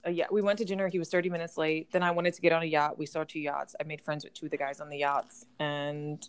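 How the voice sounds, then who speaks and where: A woman's voice: low voice, level tone, fast talker, clear, resonant tone. A woman around forty, a podcast co-host in casual chat, telling stories and acting out other people's lines. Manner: chatty storyteller, acts out quotes.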